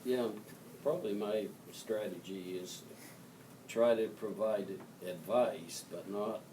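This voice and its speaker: Slow, low-voiced man on a distant panel mic. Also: mellow. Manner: slow, measured, thoughtful. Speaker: panelist, parent of a brain injury survivor. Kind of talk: panel discussion. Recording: distant mic with clear room noise.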